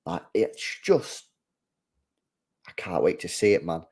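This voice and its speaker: A man's voice: low-pitched, expressive, slow, a little mellow, breathy edge. A young man hosting a live football watchalong, chatting casually with viewers in slang and rambling with restarts. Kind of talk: casual live match commentary.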